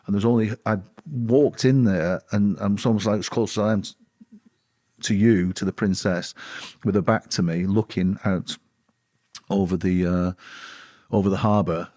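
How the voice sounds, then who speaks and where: A man, a former bodyguard, recalling his work in a casual interview, talking in halting bursts with fillers and restarts. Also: fairly low pitch, darkish tone, no echo, clean studio sound. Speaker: former royal bodyguard and author.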